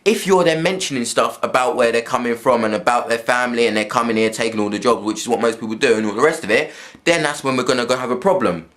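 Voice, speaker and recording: A man's voice: mid-range voice, fast talker, a bit bright. A young man talks straight to camera in a loose, rambling vlog. He is blunt and swears a lot, restarting his sentences as he goes. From England. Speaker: vlogger. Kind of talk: casual spoken monologue.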